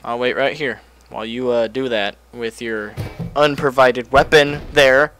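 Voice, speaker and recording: A young man playing a horror game with a friend, easygoing and quick to laugh. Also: medium pitch, steady tone, a bit bright, faint music behind. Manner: easygoing, giggly, playful. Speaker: gaming co-player. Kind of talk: casual let's-play banter.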